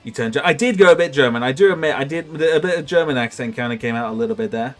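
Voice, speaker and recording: A man's voice: medium pitch, fast talker, soft background music. Rambling man livestreaming. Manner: rambling, self-mocking, laughs often. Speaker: streamer. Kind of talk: casual livestream chat.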